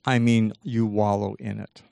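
A man giving an animated motivational seminar, acting out voices from his own inner dialogue. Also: lowish voice, a little slow, gravelly, no room sound. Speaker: motivational speaker. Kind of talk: seminar talk.

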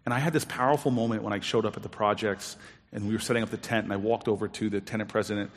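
Animated storytelling man in reverberant hall. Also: very fast. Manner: animated, acts out quoted dialogue with big pitch jumps. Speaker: storyteller on stage. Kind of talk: personal storytelling talk.

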